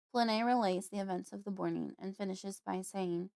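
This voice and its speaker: A woman narrating her own novel in a casual audiobook style. Her reading is steady and expressive. The sound is dry and close, with no room echo. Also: mid-range voice, moderate pace, vocal fry, few pauses, smooth. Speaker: author and audiobook host.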